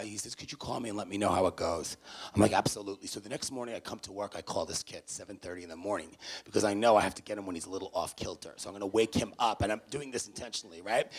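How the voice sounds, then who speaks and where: A man speaking to parents at a university, telling an anecdote and acting out both sides of the conversations. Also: on the low side. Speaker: university student affairs staff speaker. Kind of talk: storytelling talk to parents. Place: university venue, in front of parents.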